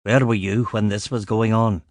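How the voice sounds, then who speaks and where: A man's voice: on the low side, steady tone, moderate pace, darkish tone, no room sound, clean studio sound, natural voice. A man doing a stern chief inspector. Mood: grave.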